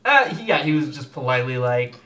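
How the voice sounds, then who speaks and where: A man's voice: mid-range voice, very animated, quick pace, sharp tone. A young man who joins a podcast late, laughing off stories about himself. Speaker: guest. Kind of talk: casual chat. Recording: voice distant from the mic.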